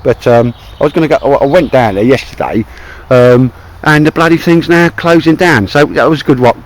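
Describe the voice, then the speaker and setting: A man's voice: medium pitch, normal speed, poor audio. A man with a Cockney accent chatting casually to camera outdoors in a wet wood, rambling and calling his mate "mate". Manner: rambling, chummy, keeps saying "mate". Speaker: outdoor vlogger.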